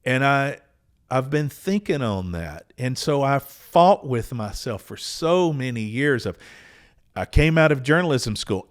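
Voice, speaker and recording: Man, 60s, podcast host, unhurried earnest storyteller, mid-pitched voice. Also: lively intonation. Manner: earnest, unhurried, with small restarts. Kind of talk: reflective personal storytelling.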